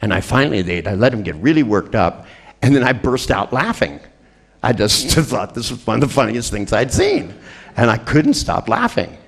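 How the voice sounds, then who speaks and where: An older man spins a story for an audience with a low, gravelly, slightly husky voice. His pitch leaps all over as he slips into the people he quotes, and he swears freely and chuckles at his own tale. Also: very animated, moderate pace. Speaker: speaker telling a therapy story.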